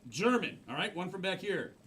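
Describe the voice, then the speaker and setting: A man hosting a live improv comedy show on a theater stage, loud and laughing as he sets up the games. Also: high-pitched, very animated, moderate pace. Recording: crowd noise from a live audience. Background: audience laughter.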